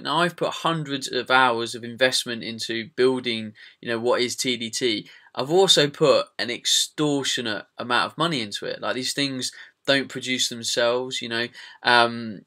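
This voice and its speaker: A man's voice: mid-range voice, bright, forceful tone. A British man hosting a podcast in casual, rambling chat, with frequent fillers and the odd swear word. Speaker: podcast host.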